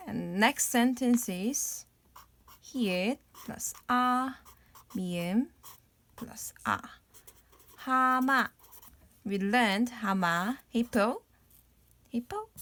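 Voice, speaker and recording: Her voice is a little high and fairly bright: a young woman from South Korea, Korean-accented, teaching a beginner language lesson. She explains slowly and patiently, sounding out playful laughter words in a sing-song manner.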